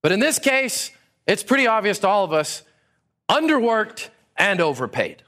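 A man from Texas, preaching a sermon and acting out people's thoughts in a casual, animated way. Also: sits high, normal speed. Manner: animated, acts out listeners' thoughts in casual paraphrase. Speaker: pastor.

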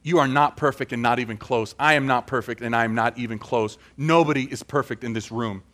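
A man's voice: medium pitch, brisk, fairly bright tone. A man preaching a sermon and closing in prayer, earnest and building to emphatic questions.

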